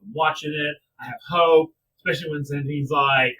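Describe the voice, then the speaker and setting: A man's voice: fairly high pitch, steady tone, fairly quick, few pauses, sharp tone, recorded from a distance, rough recording. A man co-hosting a casual podcast, ranting animatedly and swearing freely about a wrestling show. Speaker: podcast co-host. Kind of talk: casual wrestling review chat.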